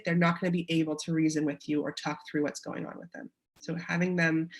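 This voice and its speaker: A woman with a Canadian accent presents a parenting webinar in an encouraging way, acting out short quotes of parents and children. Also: on the low side.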